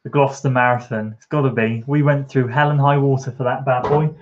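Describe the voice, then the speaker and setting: A man's voice: medium pitch, steady tone, a little fast, highs cut off, a little hiss or hum. A man chatting casually on a live stream from his home kitchen, reading out and answering chat comments, encouraging and rambling with fillers.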